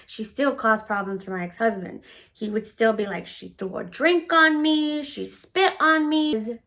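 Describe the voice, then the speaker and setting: A woman's voice: mid-range voice, creaky, fairly bright tone. A woman vlogger telling a personal story bluntly, swearing freely and saying "like" often. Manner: blunt, profane, with frequent "like" fillers. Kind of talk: storytime vlog.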